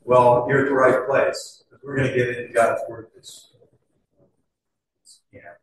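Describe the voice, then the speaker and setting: A middle-aged man preaches to a congregation in an earnest, chatty way, full of little fillers, and he slows right down to lean on scripture words. His voice sits at an ordinary pitch and his pace is unhurried. He is picked up from across a big, very echoey hall. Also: level tone, slight background noise. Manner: earnest, conversational with frequent fillers. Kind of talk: sermon. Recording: echoey hall, distant mic.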